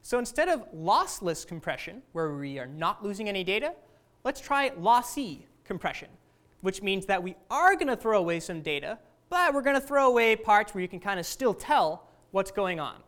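A woman's voice: medium pitch, sing-song, moderate pace, a bit bright. Woman teaching a class. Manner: conversational, asks the class questions, says "right?" often. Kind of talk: classroom lecture.

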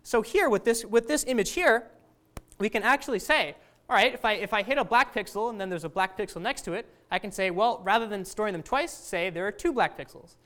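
A woman's voice: medium pitch, lively intonation, fairly quick, a bit bright. Woman teaching a class. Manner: conversational, asks the class questions, says "right?" often. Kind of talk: classroom lecture.

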